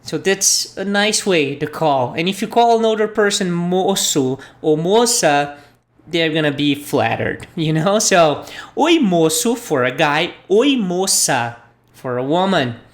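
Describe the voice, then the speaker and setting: A woman's voice: fairly low pitch, animated, unhurried. A woman teaching a language lesson, patiently repeating phrases for learners. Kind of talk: slow spoken language lesson.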